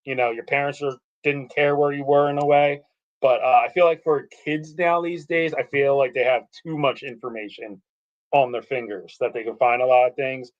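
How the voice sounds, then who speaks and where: A man's voice: medium pitch, normal speed, lo-fi sound. A man in his thirties, a podcast guest, telling stories in a loose, rambling way with lots of fillers. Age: 30s. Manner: rambling, animated storytelling with many fillers. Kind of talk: casual podcast chat.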